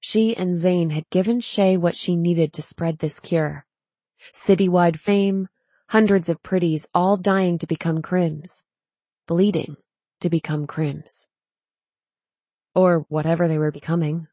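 Woman, audiobook narrator, measured, steady, lowish voice, dry close sound. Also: no echo. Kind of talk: scripted narration.

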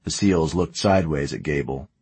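Male narrator, deep and slightly husky, steady measured read, dry close sound. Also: dry recording. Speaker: audiobook narrator. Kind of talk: scripted narration.

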